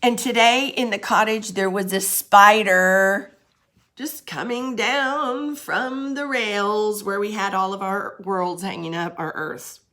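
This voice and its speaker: A middle-aged woman teaching a grammar lesson to young children, patient and explaining slowly with examples and questions. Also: mid-range voice, pushed and bright.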